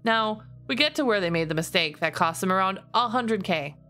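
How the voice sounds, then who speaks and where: A woman streamer reading posts aloud in a deliberately lower, steady voice. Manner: reads in a lower, steadier voice, laughs often.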